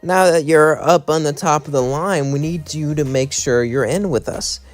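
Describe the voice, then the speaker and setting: A flirty demon woman purrs her offers with a smirk in her voice, pitched well up. A man puts her on as he narrates the story. Soft music plays faintly underneath. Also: normal speed, natural voice. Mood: teasing. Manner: teasing, playful, smirking.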